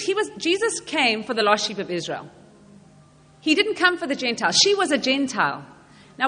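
A woman's voice: on the high side, a bit bright. A woman preaching a sermon to women, earnest and repeating questions to the audience. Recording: long hall reverb, faint ambience.

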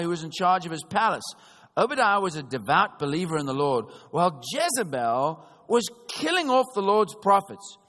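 A man preaching a sermon, telling a story in a chatty, animated way and often checking in with his listeners. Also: high voice. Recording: long reverb of a large hall.

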